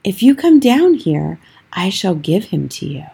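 A woman reading aloud and voicing a sinister, smiling witch who slowly coaxes a child, with a husky voice. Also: mid-range voice, very animated, mellow, heavily acted. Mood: coaxing.

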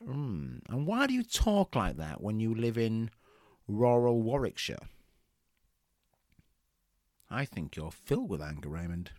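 A man plays a mild counsellor who erupts into a fire-and-brimstone preacher casting out the devil. The voice swings widely in pitch and carries a gravelly rasp. It is recorded dry and close. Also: wildly swooping pitch, a little slow, long pauses, dry recording, full character voice. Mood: calm, patient. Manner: soft and patient, then booming revival-preacher fervor. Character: calm male counsellor turned fiery exorcist preacher. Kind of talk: comedy sketch acting.

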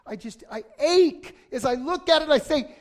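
A middle-aged male pastor preaching a conversational sermon that breaks into sudden loud outbursts. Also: very high voice, lively intonation, moderate pace.

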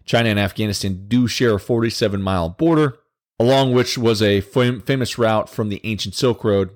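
A male political commentator talks through the news in a casual, conversational way. His voice is on the low side, and he drops in wry, sarcastic asides. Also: fairly quick, darkish tone.

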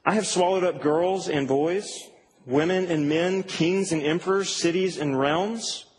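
A preacher putting on a grave, commanding lion. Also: male voice, high voice, measured pace, a little mellow. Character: huge solemn male lion, wild and commanding. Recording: reverberant hall, faint background hum.

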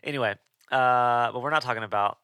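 A man's voice: mid-range voice, brisk, sharp tone, clean tone, no room sound. A young man co-hosting a podcast, chatting casually and telling stories with easy laughs. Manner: chatty, laughs easily, storytelling. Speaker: podcast co-host. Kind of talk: casual chat.

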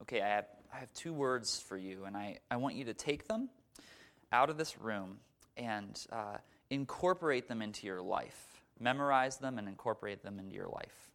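A man's voice: lowish voice, normal speed, a bit bright. A man voicing a blunt, impatient male therapist who is curt and repeats himself. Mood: solemn.

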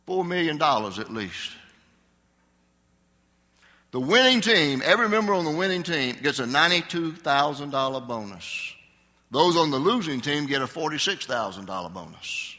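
A bright, lively older male pastor preaches a sermon in a conversational style, asking the congregation questions. His voice sits on the high side at a normal speed, and the church sanctuary gives a long hall reverb.

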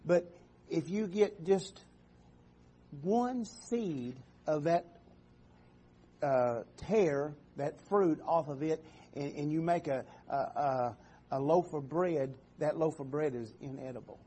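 A man preaching a sermon in a church, halting and repeating words, often calling out for an amen. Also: on the high side, mellow, breathy edge.

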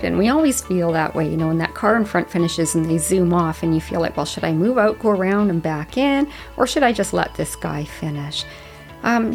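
A woman in her late fifties hosting a podcast, telling a story in an earnest, chatty way and giving gentle advice. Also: medium pitch. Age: 50s. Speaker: podcast host. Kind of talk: reflective solo storytelling.

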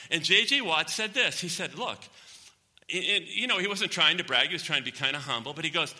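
High, piercing male pastor, emphatic preaching, long hall echo. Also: lively intonation, a little fast, bright, forceful tone. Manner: emphatic, repeating key phrases. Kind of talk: sermon.

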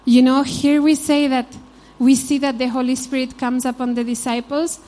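Spanish-accented woman giving a mellow sermon. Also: high voice, little pitch movement, moderate pace. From Spain. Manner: informal, frequent "you know", storytelling asides. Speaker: Bible teacher. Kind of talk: conversational sermon.

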